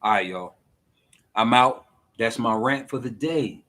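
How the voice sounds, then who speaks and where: A man in his forties giving an exasperated, animated rant in a casual vlog and laughing between points. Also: medium pitch, a little slow. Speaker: vlogger.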